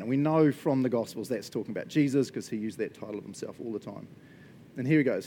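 Chatty, animated male preacher. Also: mid-range voice, brisk, a little hiss or hum. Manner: animated and chatty, frequent laughs and "right?" check-ins. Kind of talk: casual conversational sermon.

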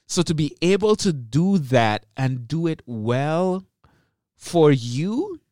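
An energetic male podcast host who rambles and restarts his sentences as he talks straight to his listeners. His voice sits a little high for a man and sounds smooth and resonant. The recording is close and dry. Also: takes it slowly, no room sound. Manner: energetic, rambling, self-interrupting. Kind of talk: solo podcast monologue.

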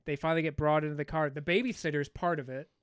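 A man's voice: fairly high pitch, fairly even intonation, quick pace, smooth, dry recording, clean studio sound. A man co-hosting a podcast, casually recapping a film in a rambling, profane storytelling way. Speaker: podcast co-host. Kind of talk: casual movie recap chat.

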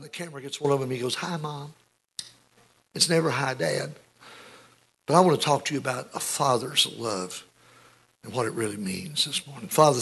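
Gravelly, husky older preacher man. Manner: emotional preaching, swinging between booming and hushed. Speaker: pastor. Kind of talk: sermon.

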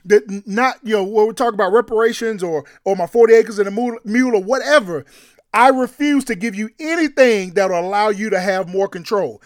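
A man co-hosting a sports radio show, talking in an animated, emphatic, slangy way. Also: high-pitched, a little fast, no echo, clean studio sound. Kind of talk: casual sports talk.

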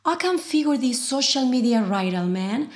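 A woman's voice: high voice, lively intonation. A woman playing a rambling pregnant sleuth. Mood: chatty. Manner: rambling, whispery asides, quick nervous bursts. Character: quirky pregnant amateur detective, impulsive and chatty.

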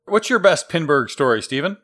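A man's voice: on the high side, sing-song, a little fast, a bit bright. A man hosting a pinball trivia podcast, introducing contestants in an upbeat announcer manner. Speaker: podcast host. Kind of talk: game-show style hosting.

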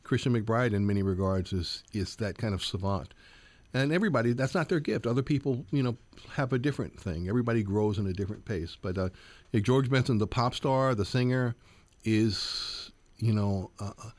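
A man's voice: fairly low pitch, fairly quick, dry recording. A man in his sixties, a jazz guitarist and professor, answering interview questions earnestly, with many fillers and repeats.

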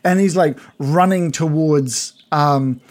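A man's voice: a little high, slow, a little mellow. A man running a tabletop game, narrating scenes loosely with many fillers. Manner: rambling descriptive narration with fillers. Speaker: game master.

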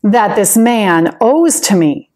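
A woman's voice: mid-range voice, lively intonation, a little mellow. A woman voicing a king who gives orders and pardons a debt in a children's Bible story. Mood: commanding. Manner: commanding, measured. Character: stern king, later merciful.

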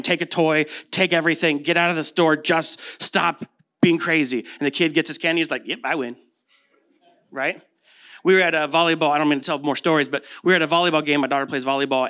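His voice is a bit high and sharp in tone. The speaker is a pastor in his thirties with an American accent, delivering a laid-back sermon of anecdotes and rhetorical questions.

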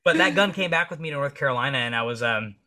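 Speaking fast and expressively, this young man has a sharp, medium-pitched voice. He's a veteran guest whose casual conversational stories wander, laced with swearing and plenty of fillers.

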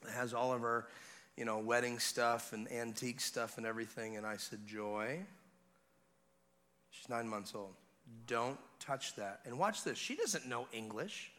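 Young male revival preacher, bright forceful voice, storytelling with big swings from hushed to shouting. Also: mid-range voice, moderate pace. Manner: animated, building from hushed to shouting. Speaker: guest preacher.

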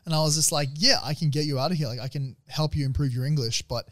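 A young man co-hosting a podcast, chatting casually, excitable and swearing a lot. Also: on the high side. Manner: rapid, excitable, swears often. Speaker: podcast co-host. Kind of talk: casual chat.

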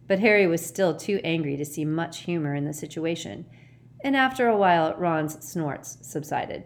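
A woman reads a storybook aloud in a fairly low voice. Her reading is dramatic, with wide, lively swings of pitch. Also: moderate pace. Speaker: audiobook reader. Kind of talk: storybook narration.

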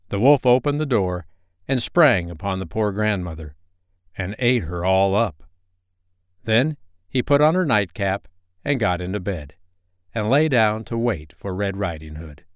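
A man narrating a bedtime story as host of a story podcast, gentle and expressive. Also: fairly low pitch, unhurried, dry recording, studio quality.

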